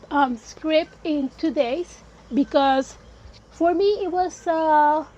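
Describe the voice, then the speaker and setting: A woman with a high voice hosts a casual solo podcast while sick and congested with a cold, chatty and emphatic, now and then slipping into Spanish phrases. The recording sounds muffled.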